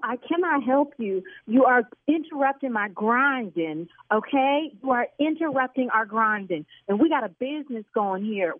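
A woman who owns a lash salon argues on a phone call, exasperated, loud and cursing. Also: a little high, no room sound. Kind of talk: heated prank-call argument. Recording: tinny phone line.

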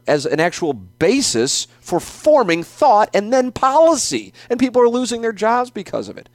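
A man's voice: on the high side, no room sound. A middle-aged man hosting his own podcast, ranting in a casual, profane way and repeating himself for emphasis. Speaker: podcast host. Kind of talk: opinionated casual rant.

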